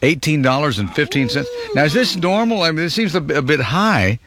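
A man's voice: fairly high pitch, very animated, brisk, a crowd in the background. A man hosting a radio countdown show, chatting playfully with callers and tossing in jokes. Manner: playful, chatty, joking asides. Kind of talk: upbeat radio hosting with phone calls.

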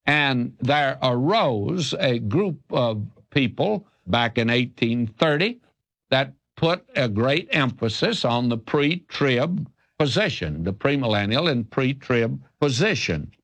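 A man's voice: medium pitch, big pitch swings, takes it slowly, fairly bright tone, no room sound. An older man from the South, a radio Bible teacher answering a listener's question in an earnest, emphatic, folksy preacher's cadence. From American South.

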